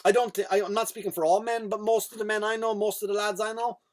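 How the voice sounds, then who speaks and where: An Irish comedian rambles through a podcast monologue, blunt and full of swearing. His voice sits a little higher than most men's. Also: little pitch movement, fast.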